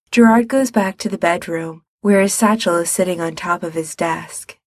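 A woman reading a story aloud, narrating the scene in an even storytelling manner. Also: lowish voice, normal speed, few pauses, dry recording, clean studio sound.

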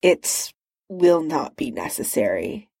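A woman voicing a haughty male armored tyrant in a storybook reading, slow and clipped. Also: deep voice, very animated, creaky, warm tone, breathy edge, no echo, clean studio sound, voice pushed down, heavily acted. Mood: disdainful.

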